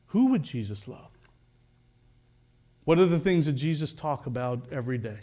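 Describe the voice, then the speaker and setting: A man's voice: mid-range voice, animated, moderate pace, pauses often, mellow. A man preaching a sermon, telling a story and then reflecting earnestly through rhetorical questions.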